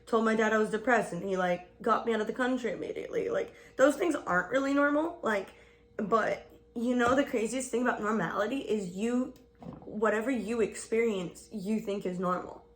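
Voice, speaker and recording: A woman's voice: fairly high pitch, moderate pace. A woman in her twenties vlogging a casual get-ready-with-me chat, rambling and swearing, saying "like" a lot and laughing often.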